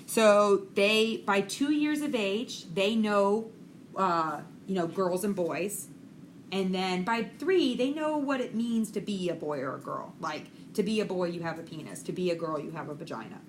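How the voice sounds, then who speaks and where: A woman's voice: mid-range voice, lively intonation, moderate pace, a little hiss or hum. A middle-aged woman giving a recorded lecture on child development as an instructor, talking frankly and chattily with many fillers.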